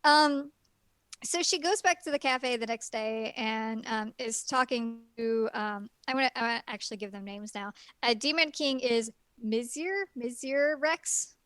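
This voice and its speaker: A woman's voice: a little high, unhurried, a bit bright, no echo, clean studio sound. A woman on a casual podcast, rambling through a plot recap with lots of ums. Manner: rambling plot retelling with many fillers. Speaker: guest reviewer.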